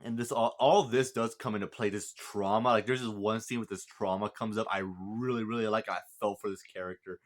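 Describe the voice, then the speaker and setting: A man's voice: on the low side, steady tone, fairly quick, hardly any pauses. A man talking through a film's plot in a casual, rambling review, with lots of fillers and restarts and the odd chuckle. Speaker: movie reviewer. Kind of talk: casual spoken movie review.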